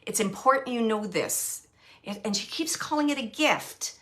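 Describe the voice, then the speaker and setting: A woman working as a psychic medium, giving an earnest, emotional spirit reading. She laughs often and sometimes drops to a soft hush. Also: a little high, expressive, moderate pace. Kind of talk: live spirit reading for a sitter.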